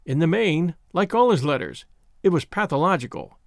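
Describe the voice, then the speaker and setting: A man narrating a classic short story in an expressive, measured reading voice. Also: fairly high pitch, no room sound, studio quality.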